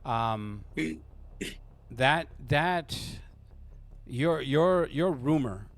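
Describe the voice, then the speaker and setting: A man's voice: mid-range voice, lively intonation, extremely slow, dry recording. A man narrating as game master of a tabletop game, rambling with frequent restarts.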